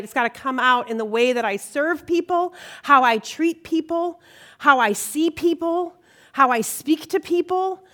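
A middle-aged woman giving a conversational sermon at a church gathering, animated and emotional, often checking in with her listeners. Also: high voice. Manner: animated, emotional, frequent "okay?" check-ins. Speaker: women's ministry speaker.

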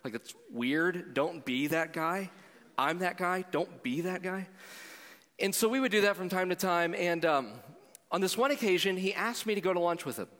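A pastor preaching a sermon in a conversational way, moving between loud appeals to the congregation and quiet storytelling. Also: male voice, high-pitched, moderate pace, big-room sound.

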